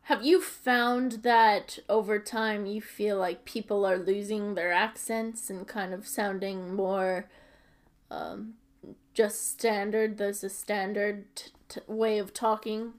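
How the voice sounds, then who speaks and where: A woman interviewing a guest in a casual, unhurried and hesitant way, with fillers. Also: mid-range voice, steady tone.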